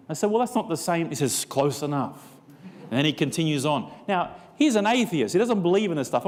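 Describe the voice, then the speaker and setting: A man's voice: medium pitch, very animated, moderate pace, darkish tone, long reverb tail. A man preaching a seminar sermon, telling a story and acting out both sides of a conversation. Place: church.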